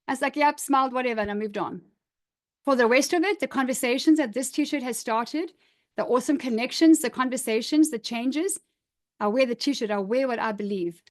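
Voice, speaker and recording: A middle-aged woman coaching a live online workshop, upbeat and emphatic, encouraging participants as she reads out their comments. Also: a little high. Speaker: image coach.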